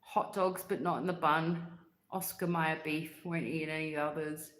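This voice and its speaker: A woman hosts a casual livestream and chats with viewers in an upbeat, easygoing way. She laughs often and breaks into hummed snippets of songs. Her voice sits on the low side, and the room around her is echoey. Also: fairly even intonation, unhurried, a bit bright. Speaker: livestream host. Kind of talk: casual livestream chat reading comments.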